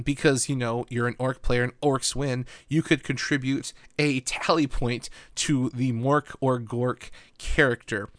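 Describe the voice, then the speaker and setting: A man's voice: mid-range voice, no echo. Male podcast host, medium voice, eager storyteller who rambles happily, dead-dry booth sound. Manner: enthusiastic, rambling, frequent "like" and laughs. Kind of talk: casual podcast recap.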